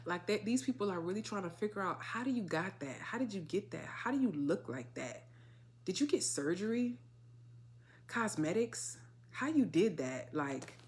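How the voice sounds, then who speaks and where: A woman doing a casual tarot reading, animated and slangy, swearing freely and throwing in dramatic asides. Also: mid-range voice, a little hiss or hum. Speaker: tarot reader.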